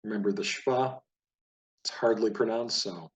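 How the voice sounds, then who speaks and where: Patient low-voiced man teaching Hebrew reading. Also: steady tone. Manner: patient, explanatory, repeats each word slowly. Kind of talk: casual spoken lesson over a page of words.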